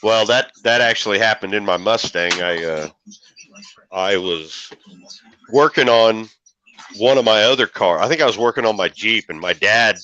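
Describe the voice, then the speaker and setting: A man's voice: lowish voice, normal speed, sharp tone, muffled recording, a little hiss or hum. A middle-aged man from Illinois, hosting and telling rambling, folksy stories with casual swearing. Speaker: show host. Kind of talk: casual storytelling.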